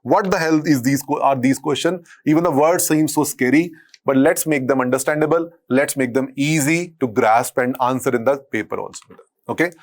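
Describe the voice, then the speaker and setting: A male medical lecturer with an Indian accent and a husky, deep voice, dictating notes and repeating phrases as he teaches. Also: a little fast. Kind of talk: classroom lecture.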